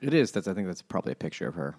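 A man co-hosting a casual chat over beers, cracking dry, dark deadpan jokes. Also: low voice, racing, husky. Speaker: podcast co-host.

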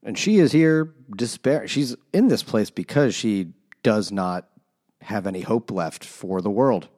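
A man's voice: fairly low pitch, lively intonation, unhurried, warm tone. A man in a book club discussion, talking hesitantly and rambling with trailing thoughts. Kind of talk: casual chat.

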